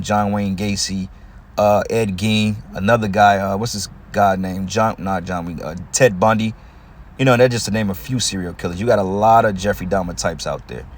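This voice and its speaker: A man teaching from scripture in a casual, slangy way, reading verses slowly and then commenting freely. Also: on the low side. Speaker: preacher.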